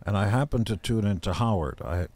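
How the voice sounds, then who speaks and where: A man in his seventies, a podcast guest, telling stories in a gruff, deadpan way and acting out other people's voices. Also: lowish voice, brisk. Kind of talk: casual storytelling.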